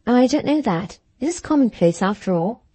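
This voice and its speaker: A woman reading a wealthy, eager young woman in an audiobook, in a lively, coaxing manner, with her voice lifted above her own. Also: fairly high pitch, moderate pace, slightly rough, no echo.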